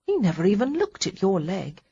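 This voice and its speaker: A woman's voice: mid-range voice, wildly swooping pitch, moderate pace, dark tone, slightly rough, lo-fi sound, heavily acted. A woman narrating an audiobook, voicing a caring young lady who sits at a sickbed, speaking earnestly and a little fretfully. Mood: worried. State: sleepy.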